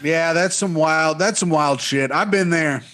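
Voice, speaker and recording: A man's voice: fairly high pitch, a little slow, a bit bright. A young man co-hosting a casual podcast chat, teasing his friend with dry humor. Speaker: podcast co-host.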